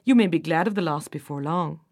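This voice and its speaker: A woman voicing a gentle, motherly old woman who helps the heroine, in a storybook reading. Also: low voice, fairly quick, no echo, studio quality, pitched below the performer's own voice. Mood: kindly. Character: kindly old woman, a fairy-godmother helper.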